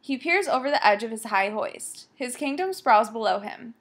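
A woman's voice: on the high side, animated, normal speed, husky. Woman narrating a story. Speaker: audiobook narrator.

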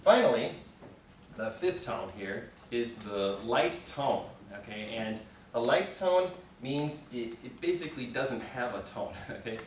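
A man's voice: medium pitch, animated, a little slow, slight background noise. A man teaching a Mandarin class, patiently leading students through repeat-after-me drills and encouraging them often. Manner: patient, encouraging, frequent "okay" checks. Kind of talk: classroom language lesson, call and response. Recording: echoey room, recorded from far off.

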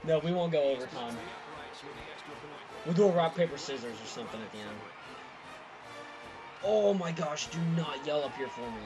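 Excitable young man over loud game music. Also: a little high, moderate pace, long pauses. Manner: excitable, laughing, groaning. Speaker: gamer playing against a friend. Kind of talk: casual gaming commentary. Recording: game audio playing loudly behind. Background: video game sound and music.

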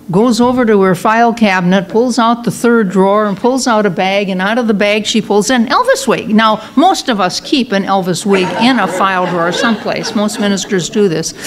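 A woman's voice: mid-range voice, slight background noise. A woman minister giving a conversational Sunday talk in a church, telling a story with fillers and restarts. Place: church sanctuary.

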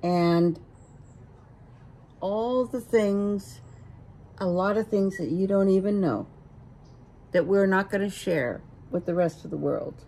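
Older woman, slow, gentle, storytelling, casual talk. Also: medium pitch, slight background noise, low-quality recording. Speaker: guest, the host's mother. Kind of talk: casual family conversation.

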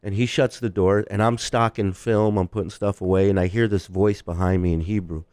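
Animated male storyteller, dry close sound. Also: fairly low pitch, fairly quick, clear, resonant tone, dry recording. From Israel. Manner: animated storyteller, acts out quoted voices. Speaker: podcast guest. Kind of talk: casual storytelling chat.

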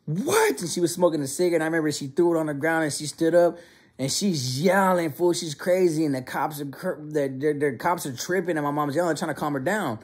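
Husky-voiced man telling a story casually. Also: fairly high pitch, fairly quick. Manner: animated, slangy, many restarts.

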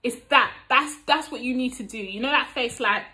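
Speaking at a moderate pace in a fairly high voice, this young East London vlogger hands out dating advice, playing both parts of chat-up conversations. Street slang and tag questions such as "you get me?" fill her animated talk, captured on a low-quality recording.

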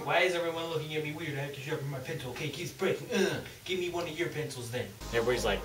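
Give me a sarcastic, animated young man ranting on a comedy vlog. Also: fairly high pitch, racing, recorded from a distance. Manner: animated, sarcastic, acts out little scenes. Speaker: vlogger. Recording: slightly off-mic, clear background music.

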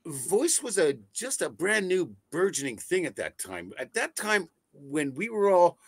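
A man, a voice actor telling stories in a casual interview, animated and swearing freely over a video call. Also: sits high, measured pace, breathy edge, dry recording. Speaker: voice actor guest. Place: home setup on a video call.

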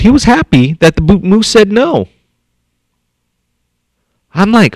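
A man's voice: sits high, normal speed, no echo. A man reading a picture book aloud to young children at an elementary school as the district superintendent, stopping often to comment and think aloud. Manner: animated, thinks aloud and comments between passages.

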